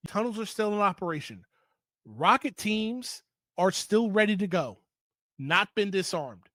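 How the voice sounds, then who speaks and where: A man's voice: high-pitched, expressive, measured pace, a bit bright, no echo. A man giving an opinionated political commentary monologue, heated and emphatic, repeating points for stress.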